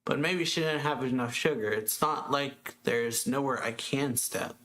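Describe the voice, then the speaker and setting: A man reading out the lines of a cold, vengeful teenage boy from a manga, in a flat, slightly raised voice. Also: unhurried, slight background noise. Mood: calm, scheming. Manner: reads quoted dialogue flatly, slightly higher than his narration. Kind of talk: reading manga dialogue aloud.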